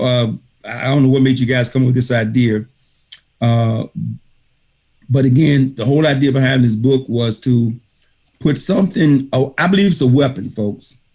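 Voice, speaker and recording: A man speaks over a video call in a middle-pitched voice, delivering an emphatic motivational talk. He drives his points home by repeating key phrases in a preacher-like rhythm. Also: a little mellow. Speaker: author thanking readers at an online book reading. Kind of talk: motivational speech.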